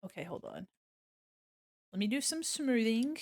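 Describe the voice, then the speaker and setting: A woman's voice: fairly high pitch, very animated, measured pace, a little mellow, no echo. A young adult woman streaming as an illustrator, chatting casually and goofily while she draws, giggling often. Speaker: livestreaming illustrator.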